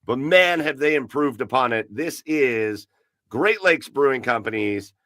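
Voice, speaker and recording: A man co-hosting a laid-back podcast, talking in a loose, rambling way with plenty of enthusiasm. His voice sits at a middle pitch and sounds close and dry, with no room echo. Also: a little slow. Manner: relaxed, rambling, enthusiastic about beer. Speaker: podcast co-host. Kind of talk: casual chat. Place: home garage.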